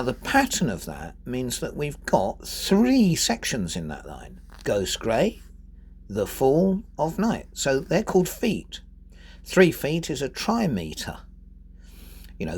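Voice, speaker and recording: A man giving a spoken lesson on poetry, reading verse aloud and stressing syllables deliberately to show rhythm. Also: medium pitch, breathy edge. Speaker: poetry teacher.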